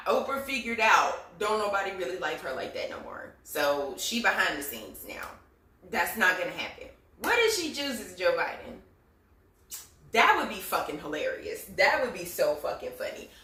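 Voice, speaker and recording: A woman's voice: medium pitch, sing-song, normal speed, pushed and bright, recorded from a distance. A woman giving casual, profane commentary, sarcastic and repeating lines for emphasis. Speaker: political commentary vlogger. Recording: echoey room, voice somewhat off mic.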